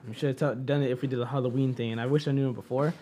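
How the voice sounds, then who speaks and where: A man chatting casually as co-host, excitable and slangy, with frequent swearing. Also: mid-range voice, racing, slight background noise. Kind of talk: casual chat.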